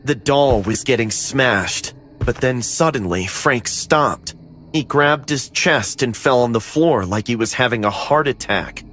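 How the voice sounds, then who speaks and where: A man narrating a scripted horror story in the first person, steady and dramatic. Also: medium pitch, a little slow, a little hiss or hum.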